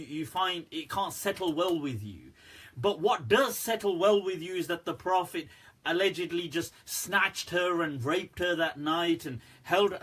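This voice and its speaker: Chatty, laughing man with a bright, husky voice. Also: high voice. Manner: chatty and joking, laughs often, says "right" and "people". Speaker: Islamic scholar answering questions. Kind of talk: casual livestream Q&A talk.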